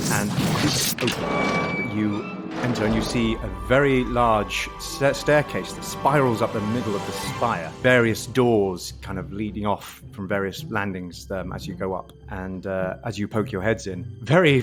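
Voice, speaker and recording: A man running a tabletop game as game master, narrating in a relaxed, hesitant way. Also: fairly low pitch.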